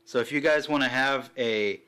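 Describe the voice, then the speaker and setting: A man chatting casually and excitedly while reviewing a collectible figure, swearing now and then. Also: mid-range voice, normal speed, clear, resonant tone.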